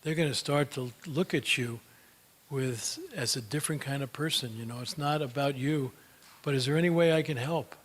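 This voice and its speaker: A man's voice: mid-range voice, moderate pace. Older man, folksy storyteller, chatty Q&A speaker. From United States. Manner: folksy, chatty, fillers like "you know". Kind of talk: storytelling talk and Q&A answers.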